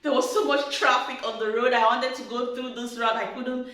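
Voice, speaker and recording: A woman's voice: on the high side, fairly even intonation, normal speed, a bit bright, far from the mic, close to an everyday voice. A sheepish, worn-out husband mumbling apologies and excuses, as a woman acts him out in her own voice. The sound bounces around a very echoey room. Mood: apologetic. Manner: sheepish, pleading.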